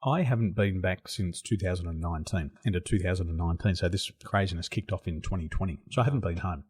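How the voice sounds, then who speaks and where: Husky-voiced Australian man telling stories. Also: sits low, fast talker. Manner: animated storyteller who laughs often. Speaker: podcast guest. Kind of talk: casual interview storytelling. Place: home in Taiwan.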